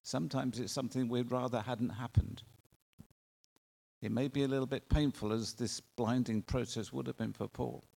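A male preacher gives a sermon at a middling pitch, earnest and emphatic, stretching out key phrases and asking rhetorical questions. His voice rings out with the long reverb of a large hall. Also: steady tone, moderate pace, vocal fry, dark tone.

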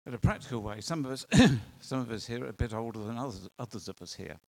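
Male preacher, gravelly voice, earnest conversational sermon. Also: medium pitch, expressive, quick pace, a little mellow.

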